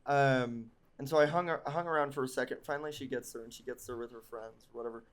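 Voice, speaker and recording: A man's voice: medium pitch, steady tone, fast talker. A young man telling a long personal story on a podcast, casual and rambling, full of ums and likes, and often mocking himself. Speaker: podcast co-host.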